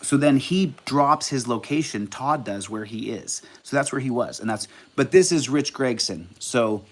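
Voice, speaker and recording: A man hosting a livestream, reading out texts and commenting in a casual, profane, combative way that swings between loud outbursts and low mutters. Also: lively intonation, normal speed. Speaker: livestream host.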